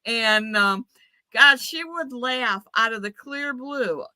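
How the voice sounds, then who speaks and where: Woman guest, bright and close on the mic, chatty storyteller who laughs a lot. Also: fairly high pitch, expressive, slow, dry recording. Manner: laughs often while telling stories. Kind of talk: casual storytelling.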